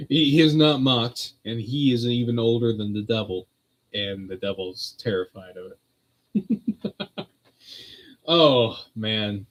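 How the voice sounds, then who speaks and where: A male stream host at a medium pitch, talking in a loose, rambling way. He laughs often and keeps the tone chatty. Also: expressive, takes it slowly, pauses often, low-quality recording. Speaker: host of a streamed religious talk. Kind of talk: casual chat.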